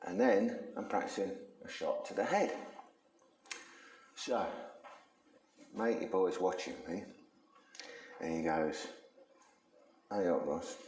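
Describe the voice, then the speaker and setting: A man, teaching self-defense in a chatty, slangy storytelling way while demonstrating on a punching bag. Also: sits low. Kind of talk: casual instructional talk with demonstration. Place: training room with a punching bag. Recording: echoey room.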